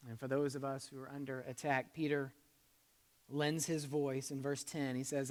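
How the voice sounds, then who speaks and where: A man's voice: mid-range voice, flat delivery, normal speed. Man preaching in a reverberant church hall. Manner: conversational preaching, swings between loud emphasis and soft asides; leads the congregation in call-and-response. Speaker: pastor. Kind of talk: sermon.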